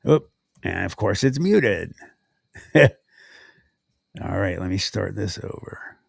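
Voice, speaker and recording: Slow creaky-voiced male host. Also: lowish voice, animated, no room sound, studio quality. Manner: laid-back, reads out viewer comments. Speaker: livestream host. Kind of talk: casual livestream chat.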